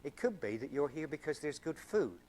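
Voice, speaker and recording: A man's voice: on the high side, big pitch swings, fairly quick, darkish tone, slight background noise. A man, a scientist giving an earnest public lecture at a university event. He explains with everyday examples and stresses key words. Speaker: scientist giving an evening talk to a student Christian group.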